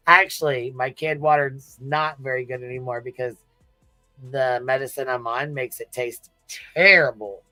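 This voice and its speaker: A man's voice: mid-range voice, fairly even intonation, measured pace, sharp tone, no room sound, soft background music. A man hosting a casual livestream, laughing often and swearing freely as he reads chat. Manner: profane, laughing, banter with chat. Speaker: livestream host.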